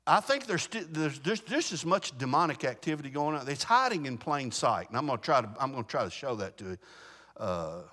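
A male Baptist preacher giving an animated sermon to his congregation. He restarts his words often and keeps asking the room whether they follow him. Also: on the high side, long reverb tail.

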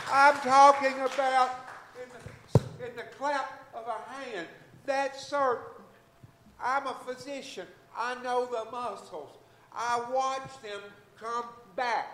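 A middle-aged man, a physician, giving a fervent, emotional testimony in church and breaking into shouts of hallelujah. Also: extremely high pitch, reverberant, slight background noise. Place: church sanctuary.

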